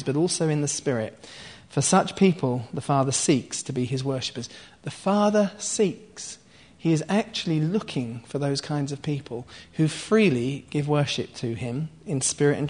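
A man preaching, retelling and explaining a scripture passage in a conversational teaching style, with asides to his listeners. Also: mid-range voice. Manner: explains scripture line by line with asides and soft laughs.

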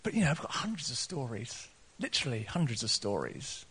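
A man preaching a sermon, earnest, laughing often, and rising to excited peaks. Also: mid-range voice, brisk, husky. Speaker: pastor.

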